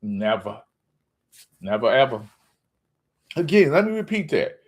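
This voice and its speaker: A man's voice: mid-range voice, very animated, a little slow, husky. A man hosting his own sports channel, ranting casually and mocking fans, often laughing.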